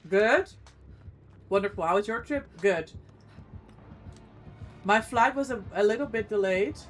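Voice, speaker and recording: Woman, streamer, casual chat while gaming, reacting and greeting viewers, middle pitch. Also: fast talker, soft background music. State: eating while talking.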